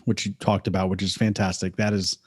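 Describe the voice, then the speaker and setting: A man's voice: sits low, little pitch movement, brisk, slightly rough. A man hosting a podcast, talking in a reflective, affirming way. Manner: affirming, reflective, often says "beautiful". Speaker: podcast host. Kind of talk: conversational podcast interview.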